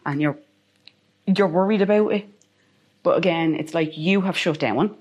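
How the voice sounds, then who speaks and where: A woman's voice: lowish voice, normal speed, long pauses, a little mellow. A woman with an Irish accent, a guest telling a personal story in an interview, repeating phrases for emphasis.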